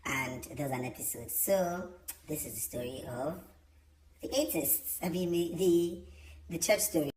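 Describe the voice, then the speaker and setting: A young man telling a storytime vlog, chatty and animated, with many fillers. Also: on the high side, unhurried, noisy background. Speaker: vlogger. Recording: roomy echo.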